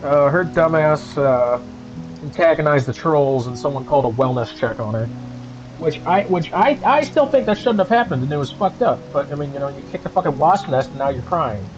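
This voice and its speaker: A man's voice: on the high side, lively intonation, brisk, muffled recording, over music. A man streaming from home, ranting angrily and sarcastically with heavy profanity as the channel's host.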